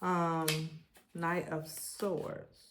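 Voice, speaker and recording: Slow, low-voiced woman reading tarot. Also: flat delivery, noisy background. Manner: slow, repetitive, affirmation-style. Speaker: tarot reader. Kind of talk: spiritual tarot reading monologue.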